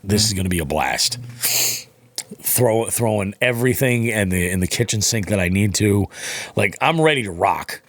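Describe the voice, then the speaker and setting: Low-voiced rambling podcast host, dry sound. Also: male voice, animated, moderate pace, no room sound. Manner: rambling storyteller, swears freely. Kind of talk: casual chat.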